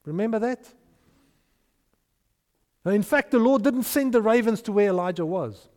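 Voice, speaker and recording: A man's voice: high-pitched, lively intonation, normal speed. A man preaching a sermon as pastor, emphatic, sometimes raising his voice when acting out scripture. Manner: emphatic, rising to shouts for quoted voices. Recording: long hall reverb.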